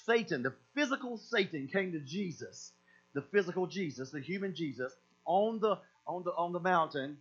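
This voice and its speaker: A man's voice: fairly high pitch, a bit bright. A man preaching a sermon as pastor, emphatic and repetitive, often doubling back on his words. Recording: dull lo-fi sound with mains hum.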